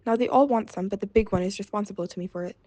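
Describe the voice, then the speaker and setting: A woman's voice: mid-range voice, very fast, mellow, no room sound, close to an everyday voice. A woman reading as a stubborn grumbling peasant man. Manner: blustering, exasperated.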